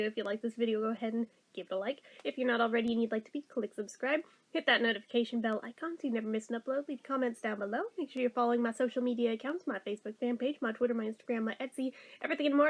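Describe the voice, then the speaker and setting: A woman vlogger giving a casual taste-test review, chatty, sometimes talking while chewing. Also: on the high side.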